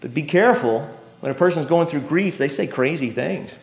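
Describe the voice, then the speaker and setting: A man preaching a sermon with animated delivery, acting out quoted voices and dropping from loud lines to hushed ones. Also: fairly high pitch, fairly quick, few pauses, lo-fi sound, soft background music. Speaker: pastor.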